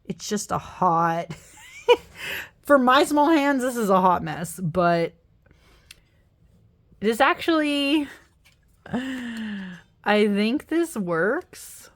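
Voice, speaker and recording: A young woman talks casually over her card decks, tired after a workday. She rambles and apologizes often, and her voice sits at an ordinary middle pitch. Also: animated, drawn-out words, long pauses. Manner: chatty, apologetic, rambling with frequent laughs. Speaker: tarot deck reviewer. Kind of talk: casual deck flip-through.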